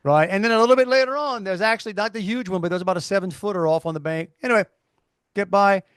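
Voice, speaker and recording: A man's voice: sits high, fast, clear, resonant tone, no echo, clean studio sound. A middle-aged man with a South Louisiana accent, co-hosting a podcast and telling stories with many restarts. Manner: storytelling, animated, many restarts. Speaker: podcast co-host. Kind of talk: casual chat.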